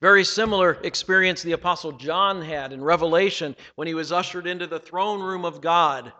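A man preaching a sermon, reading scripture dramatically and swinging between loud passages and hushed ones. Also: a little high, fairly quick, long reverb tail, dull audio. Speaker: pastor.

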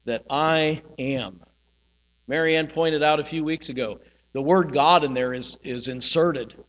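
A male pastor giving a sermon, teaching in a slow, reflective way and pausing on single words. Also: a little high, highs cut off. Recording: hall reverb with mains hum.

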